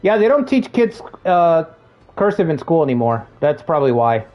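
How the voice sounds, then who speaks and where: A man's voice: a little high, sing-song, moderate pace, muffled recording, soft background music. A man chatting casually while streaming a game, telling work stories, laughing and swearing freely. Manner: laid-back, swears freely, laughs at jokes. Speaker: gaming streamer. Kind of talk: casual gameplay commentary with storytelling.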